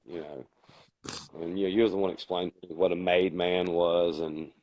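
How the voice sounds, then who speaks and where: A man's voice: low-pitched, flat delivery, normal speed, highs cut off. A man co-hosting a casual podcast, telling long rambling stories with colloquial grammar. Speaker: podcast co-host. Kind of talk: casual chat.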